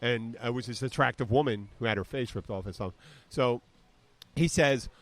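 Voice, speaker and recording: A man's voice: mid-range voice, moderate pace, fairly bright tone, no room sound. A man co-hosting a podcast, telling rambling, profane stories in casual chat. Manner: rambling, profane, acts out quotes. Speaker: podcast co-host.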